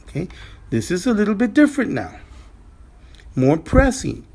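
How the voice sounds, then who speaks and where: A man teaching a language lesson, speaking slowly and repeating words, with frequent restarts. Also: sits high, wildly swooping pitch. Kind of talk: slow spoken language lesson.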